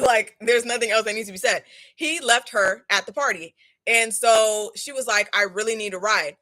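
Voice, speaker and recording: A young woman vlogger telling a story in casual chat, emphatic and animated, often checking in with "okay?" and "right?". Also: fairly high pitch, no echo. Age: young adult. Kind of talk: casual storytime while doing a face mask.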